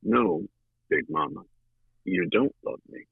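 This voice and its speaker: A man voicing a sad, self-doubting man who speaks quietly and slowly. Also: lowish voice, wildly swooping pitch, creaky, slightly rough, dry recording, voice pushed up, exaggerated voice. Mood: hushed sad. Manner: quiet, slow, withdrawn. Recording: tinny phone-like line.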